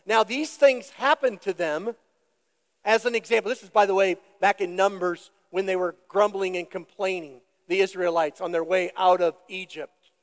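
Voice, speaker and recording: A male pastor preaching a sermon, deliberate and emphatic, putting questions to the congregation. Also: sits high, fairly even intonation, in a large hall.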